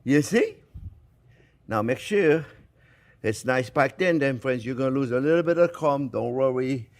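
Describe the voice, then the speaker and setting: A man's voice: medium pitch, a little slow. A man hosting a cooking show, chatting through a cooking demonstration while he works and often calling the viewers friends. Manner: lively, talks while working with his hands.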